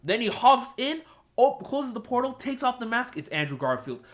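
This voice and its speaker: A young man hosting a podcast, retelling a film scene in an excited, animated, casual way. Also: very high-pitched, moderate pace. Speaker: podcast host. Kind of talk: casual chat.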